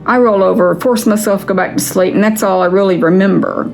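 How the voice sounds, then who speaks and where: A woman's voice: medium pitch, fairly even intonation, fast, gravelly, darkish tone, soft background music. A woman vlogger ranting in a casual vlog, angry and frustrated, with frequent swearing.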